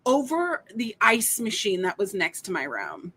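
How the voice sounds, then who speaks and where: A woman, a podcast guest, chatting casually and telling animated stories with swearing and frequent laughter. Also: medium pitch, measured pace, husky. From United States. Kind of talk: casual chat.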